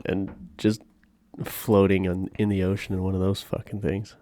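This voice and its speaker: A man's voice: deep voice, flat delivery, moderate pace, mellow, no room sound, clean studio sound. A man co-hosting a podcast in casual chat, laid-back and profane, laughing often. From Canada. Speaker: podcast co-host.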